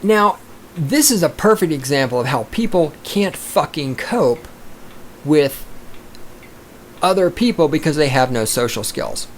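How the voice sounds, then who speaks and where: Podcast host, male, profane combative ranter, animated pitch, faint hiss behind. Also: measured pace. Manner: profane, combative, swings into loud outbursts. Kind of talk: profane ranting monologue.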